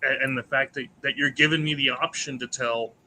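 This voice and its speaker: A man's voice: medium pitch, steady tone, a little fast, bright, forceful tone, slight background noise, rough recording. Felle, enthousiaste man die praat over spellen. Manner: eager, rambling, many restarts. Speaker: indie game designer. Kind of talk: casual convention panel chat.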